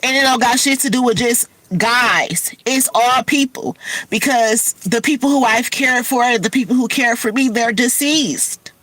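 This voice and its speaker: A woman's voice: a little high, unhurried, a bit bright, dry recording, low-quality recording. Tearful woman livestreaming, candid and sniffly. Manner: tearful, candid, addresses viewers as y'all. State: teary, sniffly from crying. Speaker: livestream host. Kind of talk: emotional casual livestream talk.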